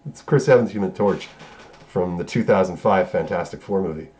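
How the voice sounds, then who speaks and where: A man's voice: low voice, brisk, darkish tone. A man reviewing a movie, casually recapping scenes in a loose, profane way and correcting himself as he goes. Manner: loose, profane, rambling retelling with self-corrections.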